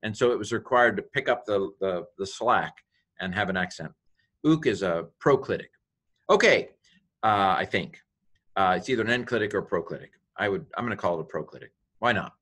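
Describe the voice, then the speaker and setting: A middle-aged man gives a recorded Greek lesson in a bright, ringing voice. He names the letters one at a time and parses each word. He adds dry, self-mocking asides along the way. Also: deep voice, lively intonation, brisk. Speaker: Greek teacher.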